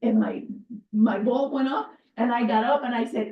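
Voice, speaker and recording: A woman's voice: a little high, normal speed, dark tone. A woman on an advisory board, speaking with emphasis at a public meeting and recounting what happened. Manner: impassioned, emphatic storytelling. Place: town meeting room. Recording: echoey room from a distant mic, muffled.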